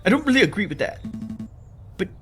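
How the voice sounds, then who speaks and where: A man's voice: high-pitched, brisk, faint music behind. A man casually commenting on a game and reading the hero's lines aloud. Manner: animated, chatty, reads lines aloud. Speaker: let's play host.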